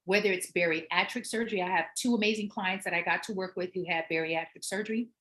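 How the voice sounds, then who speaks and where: A middle-aged woman hosting her own show, telling a story as a personal trainer, animated and emphatic and repeating words for effect. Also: on the low side, quick pace. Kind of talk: storytelling monologue.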